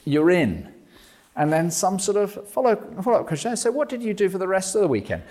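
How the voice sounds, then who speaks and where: A man giving a jokey, animated talk on evangelism to a meeting. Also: high-pitched, a little fast. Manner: jokey, animated, self-mocking asides. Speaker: preacher.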